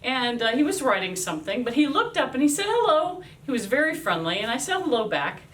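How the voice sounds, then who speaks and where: Woman army chaplain in her fifties telling a devotional story, animated delivery, set back from a distant mic. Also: high-pitched, a little fast, a little hiss or hum. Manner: lively, acts out quoted voices.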